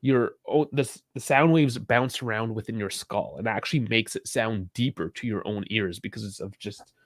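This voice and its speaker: A man's voice: on the low side, moderate pace, no echo. A man co-hosting a livestream podcast, chatting casually, explaining things with dry asides and chuckles. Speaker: podcast co-host.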